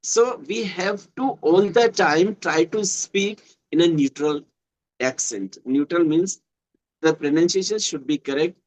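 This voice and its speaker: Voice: mid-range voice, unhurried, poor audio. A speaker with an Indian English accent explaining earnestly in casual conversation practice, repeating points. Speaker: conversation partner.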